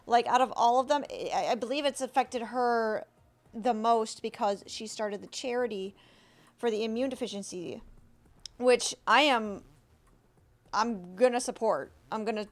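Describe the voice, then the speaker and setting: A woman streamer giving reaction commentary, halting and emotional, with many restarts and apologies. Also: on the high side.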